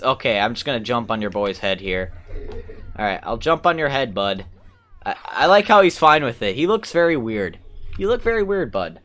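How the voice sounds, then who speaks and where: A young man casually commentating his own video game playthrough, chatting to the characters and humming along. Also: medium pitch. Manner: excitable, talks to the game characters, hums along, mild cursing. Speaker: gameplay commentator. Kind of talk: casual let's-play commentary. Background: game music.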